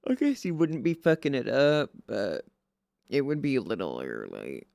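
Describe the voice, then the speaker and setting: Male streamer, casual and rambling, gravelly fry but smooth tone, dry close sound, playful put-on Southern drawl. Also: medium pitch, huge pitch swings, normal speed, darkish tone, no echo. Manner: giving friendly advice. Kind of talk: casual chat.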